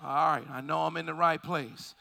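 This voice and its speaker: A man preaching a sermon with fervent delivery, shouting at peaks and calling on the congregation to respond. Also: fairly high pitch, fairly even intonation, moderate pace, gravelly.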